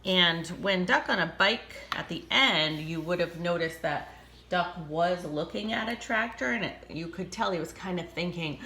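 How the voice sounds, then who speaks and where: A woman reading a picture book aloud to children, expressive, with chatty asides. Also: on the low side, moderate pace, reverberant, slight background noise. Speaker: storybook reader.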